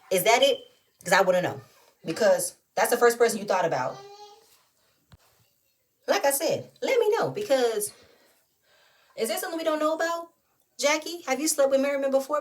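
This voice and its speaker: A woman with a voice on the high side gives a casual, animated recap and review of a reality show. She often sounds incredulous and fires off rhetorical questions.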